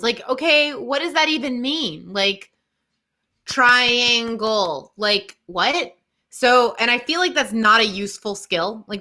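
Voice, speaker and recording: A woman with a bright voice chats casually as a co-presenter. She thinks aloud and fills her sentences with "like.". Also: mid-range voice. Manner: chatty, thinks aloud, uses "like" a lot. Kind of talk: casual chat.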